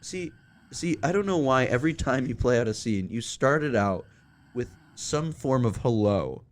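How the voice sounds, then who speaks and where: A man's voice: mid-range voice, animated. A young man co-hosting a podcast, bossy and prone to interrupting in casual comedic banter. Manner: bossy, interrupting, quick to veto. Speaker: podcast co-host.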